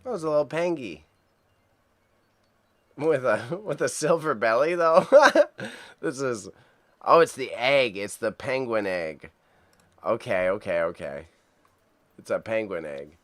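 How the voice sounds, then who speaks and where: A man's voice: medium pitch, animated, measured pace, pauses often, a bit bright. A man hosting a casual livestream, chatty and upbeat, talking to viewers in the chat and reading item names aloud as he stumbles over tricky words. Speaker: livestream host reacting to auction items.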